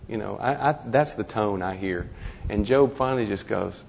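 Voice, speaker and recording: A man talking through ideas in a reflective discussion, halting and restarting often. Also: lowish voice, gravelly, in a large hall, muffled recording, slight background noise. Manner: halting, many restarts and repeated words.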